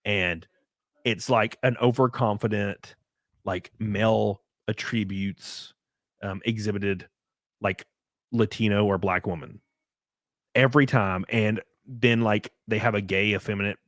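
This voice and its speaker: A man's voice: fairly low pitch, fairly even intonation, measured pace, a bit bright, no room sound. Male streamer host with a loose, filler-heavy ramble and a dry, close mic sound. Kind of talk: casual podcast chat.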